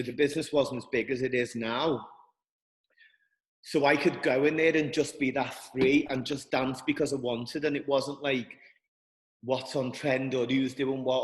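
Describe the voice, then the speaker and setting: A man speaking earnestly and haltingly as a guest, often restarting his sentences. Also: medium pitch, in a large hall, rough recording. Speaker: guest, dance school director. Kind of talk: reflective interview talk.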